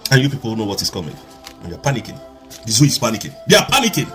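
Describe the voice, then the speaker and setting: A man's voice: medium pitch, big pitch swings, racing, fairly bright tone, faint music behind. Guy giving a fired-up political speech, keeps firing rhetorical questions, voice swoops all over. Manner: fiery, repetitive rhetorical questions. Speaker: activist speaker.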